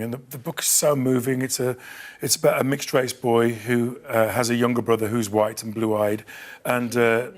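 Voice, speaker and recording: A man's voice: medium pitch, little pitch movement, normal speed. An older man, a guest on a chat show, telling a story with enthusiasm and frequent restarts. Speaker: guest actor and producer. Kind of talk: casual studio chat.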